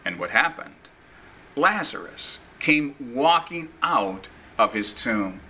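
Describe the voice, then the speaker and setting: A man preaching a sermon in a slow, earnest, emphatic manner, repeating key phrases. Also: medium pitch, big pitch swings, sharp tone, rough recording.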